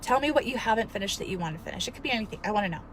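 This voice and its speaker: A woman in her thirties, a fitness coach, telling a story in an earnest, emotional, animated way and giving motivational advice. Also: mid-range voice, very fast, a little hiss or hum. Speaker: fitness coach and studio owner. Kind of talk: casual motivational vlog.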